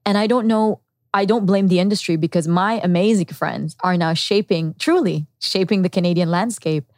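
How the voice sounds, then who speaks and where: A woman's voice: fairly low pitch, normal speed, darkish tone, no room sound, clean studio sound. A woman guest on a podcast, earnestly and candidly telling her personal story and acting out her past thoughts. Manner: earnest and reflective, with quoted inner thoughts.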